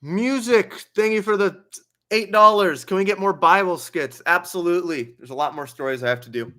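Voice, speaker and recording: Young guy chatting on a livestream, bright forceful voice, a bit high, reads out donations. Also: fairly quick. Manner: chatty, reads donations aloud, laughs while telling stories. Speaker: livestream host. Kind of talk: casual livestream Q&A.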